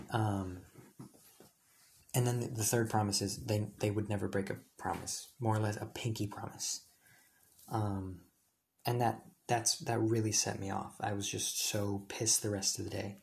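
A young man telling a personal story in a casual, rambling way, full of fillers and quick self-corrections. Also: lowish voice, little pitch movement, creaky, darkish tone, a little hiss or hum. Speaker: high school student telling a personal story.

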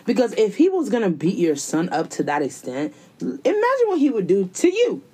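An animated woman recapping a TV show with a friend, her pitch swooping up and down as she talks. She curses freely and jumps into quick quoted voices of the characters. Casual, unscripted chat. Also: slight background noise. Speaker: co-host recapping a TV series.

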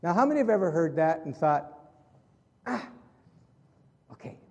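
Pastor preaching in a reverberant hall. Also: male voice, on the high side, very animated, normal speed, slightly rough, highs cut off. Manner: conversational, asks the congregation questions, voice drops soft for prayerful moments. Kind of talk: sermon. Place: church hall with congregation.

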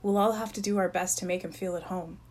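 A woman reading a storybook aloud, voicing a cheerful, bossy young male camp counselor in a bright upbeat manner. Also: lowish voice, steady tone, fast, natural voice. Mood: cheery.

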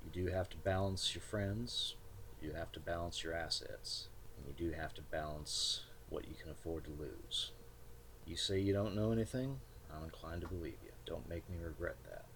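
A man voicing a lanky older gentleman in a bolo tie, folksy and quietly threatening. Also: sits low, moderate pace, a little hiss or hum. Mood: stern. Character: lanky male gentleman, folksy but menacing boss.

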